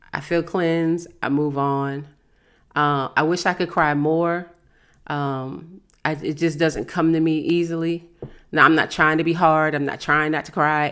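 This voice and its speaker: Host, woman in her fifties, low and earnest, candid casual talk. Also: fairly bright tone. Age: 50s. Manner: candid, earnest, plain-spoken advice.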